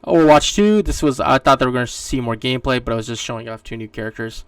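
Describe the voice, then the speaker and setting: Rambling gravelly man on gaming news. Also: medium pitch, quick pace, dry recording. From Canada. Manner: rambling, many fillers and restarts. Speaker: podcast host. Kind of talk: casual solo gaming news commentary. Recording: distant mic, dry room.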